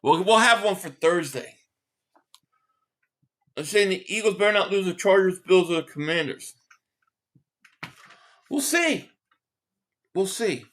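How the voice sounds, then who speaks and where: A man's voice: high voice, moderate pace, long pauses, a bit bright. Sarcastic trash-talking sports streamer man. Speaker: live stream host. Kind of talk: live sports reaction stream.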